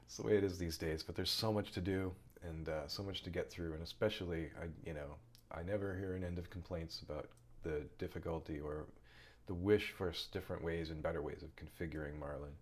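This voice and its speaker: A man with a deep, low voice chats casually on a live coding stream. He jokes in a silly put-on foreign accent and rambles with plenty of fillers. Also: fairly even intonation, fairly quick, few pauses. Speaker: firmware developer streaming his coding work.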